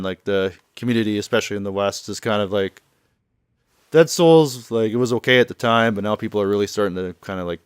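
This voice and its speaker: A man's voice: fairly low pitch, clean tone, no room sound, clean studio sound. A man giving offhand, rambling commentary over gameplay, translating the dialogue as he goes. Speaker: let's play commentator.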